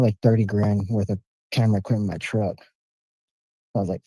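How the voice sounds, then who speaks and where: A man calling into a podcast, telling a story with animated, profane street slang. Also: on the low side, fast talker, breathy edge, dry recording, low-quality recording. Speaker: caller. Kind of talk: casual storytelling on a call.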